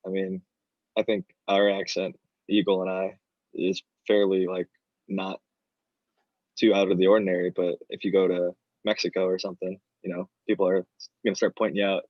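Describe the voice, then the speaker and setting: Flat low-voiced host. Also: male voice, dry recording. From Michigan, USA. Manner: measured, long winding questions. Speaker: podcast host. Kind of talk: casual interview chat. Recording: dull dry lo-fi audio.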